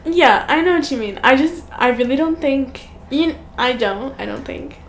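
A woman's voice: sits high, moderate pace. A young adult woman co-hosting a podcast, casual and giggly, often laughing as she talks. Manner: giggly and animated, frequent laughs. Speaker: podcast co-host. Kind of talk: casual chat. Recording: echoey room with faint noise.

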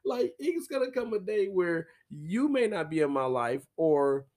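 A man voicing an exasperated, sassy woman who is fed up and shouts loud, profane retorts. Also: sits high, big pitch swings, measured pace. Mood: indignant.

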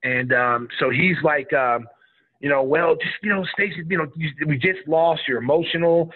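Middle-aged man, ex-player storyteller, lively quotes, tinny radio sound. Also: a little high, moderate pace. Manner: animated, acts out quotes of others. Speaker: former college basketball player telling a story. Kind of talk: casual storytelling on a radio show. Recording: tinny phone-like radio audio.

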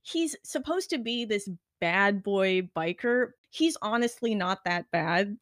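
A woman's voice: medium pitch, animated, slow, fairly bright tone, no room sound, studio quality. A woman co-hosting a casual chat, enthusiastically recapping a TV show and acting out characters' lines. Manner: enthusiastic, acts out quoted lines. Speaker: podcast co-host.

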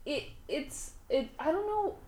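A young adult woman in casual chat, an animated and chatty storyteller. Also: high-pitched, measured pace, a crowd in the background. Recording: echoey room.

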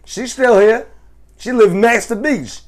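A man's voice: extremely high pitch, takes it slowly, crowd noise. A man throwing in crude jokes during casual chat. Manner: joking interjections, crude. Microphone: lapel.

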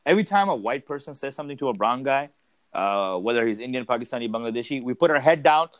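A man's voice: medium pitch, fast, no room sound. A man telling stories in casual chat, acting out the people he quotes. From North America. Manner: storytelling, lively, acts out quoted people.

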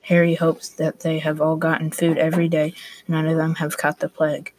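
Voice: medium pitch, completely flat delivery, a little fast, dry recording. A student narrating a class story aloud, reading plainly with small restarts.

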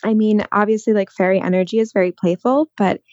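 A woman who is a guest on a casual podcast, speaking calmly and reflectively, pausing with "um" and "like". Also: medium pitch, no room sound. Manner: calm, reflective, halting with "um" and "like". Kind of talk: casual chat. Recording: dull, dry, lo-fi sound.

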